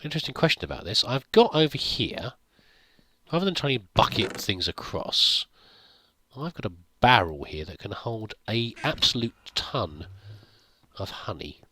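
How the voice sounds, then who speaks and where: A man's voice: mid-range voice, sing-song, normal speed, bright, forceful tone, no echo. A man giving casual gameplay commentary, chatting to himself and laughing at his own mistakes. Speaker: gameplay video host.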